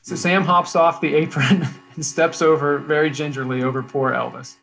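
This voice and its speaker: A man in casual chat who laughs often and rambles with restarts while pitching a script to his co-hosts. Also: fairly even intonation, moderate pace, vocal fry, a bit bright, poor audio. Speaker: podcast co-host pitching a script.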